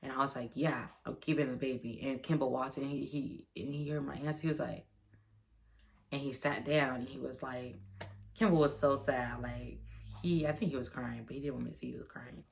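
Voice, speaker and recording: A woman's voice: rumbling low, steady tone, fairly quick, gravelly, a little hiss or hum. A young woman vlogger telling a personal story in a rambling, repetitive way, acting out the dialogue and sometimes dropping to a whisper. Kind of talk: storytime vlog.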